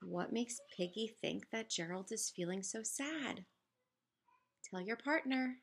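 A woman teaching first graders in a recorded read-aloud lesson, speaking in a gentle, instructive tone to children. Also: mid-range voice, unhurried, vocal fry, breathy edge.

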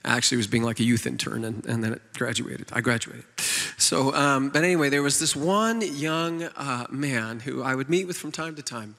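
A man's voice: medium pitch, moderate pace, gravelly, pushed and bright. A middle-aged man preaching at a church conference, telling a personal story in an earnest, tender, emotional way with many fillers and restarts. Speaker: worship leader preaching at a conference. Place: large church conference hall. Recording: long hall reverb.

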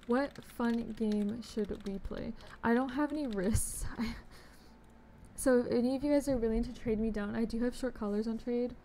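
A woman's voice: fairly high pitch, fairly even intonation, brisk, few pauses, warm tone. A young woman chatting casually on a game live stream, bubbly and chatty, greeting viewers with pet names. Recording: faint background noise.

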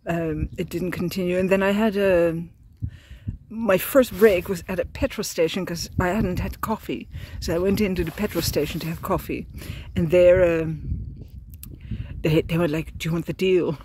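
A woman's voice: fairly low pitch, steady tone, moderate pace, darkish tone, slight background noise. An Irish woman telling a casual video diary while walking by a road, rambling with many fillers and restarts, a little tearful. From Ireland. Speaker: pilgrim vlogger.

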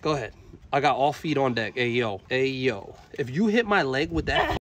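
A young man live-streaming while he works on a car, loud and excitable, swearing often and talking to his chat. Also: mid-range voice, moderate pace, a little hiss or hum. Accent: Florida.

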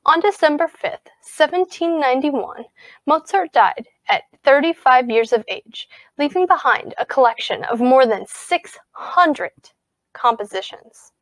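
A woman teacher giving a recorded music lesson and reading a storybook aloud to children in a clear, expressive voice. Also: sits high, no room sound, low-quality recording.

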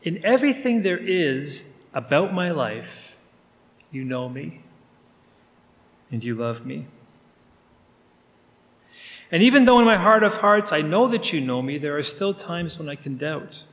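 Man praying out loud in a sermon, earnest and personal, kinda high voice, big echoey church. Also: very animated, a little slow, long pauses. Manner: earnest, intimate, addressing God directly. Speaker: pastor. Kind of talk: spoken prayer in a sermon. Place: church sanctuary. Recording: long reverb of a large room.

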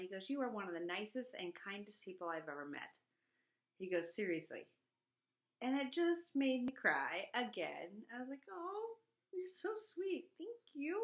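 A middle-aged woman chatting casually at home, animated, jumping into a high voice when she quotes people. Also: roomy sound. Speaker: vlogger. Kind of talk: casual chat.

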